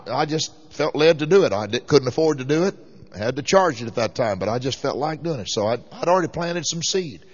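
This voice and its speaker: A man preaching a sermon, telling a folksy story that rises into fervent exhortation. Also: medium pitch. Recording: muffled lo-fi recording.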